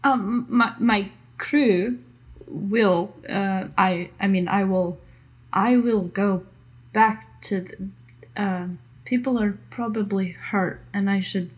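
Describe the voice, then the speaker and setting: Woman voicing a tired ship's doctor, husky voice, slow halting speech, full of pauses. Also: medium pitch. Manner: hesitant, halting, apologetic. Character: weary female ship's doctor, rough-edged.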